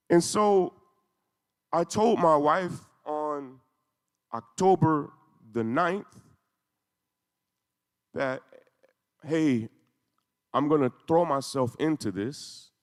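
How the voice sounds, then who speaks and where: In an echoey hall, a man addresses a congregation with an intense, emotional story that builds in emphasis. His fairly high voice is animated and slow, with vocal fry and frequent pauses.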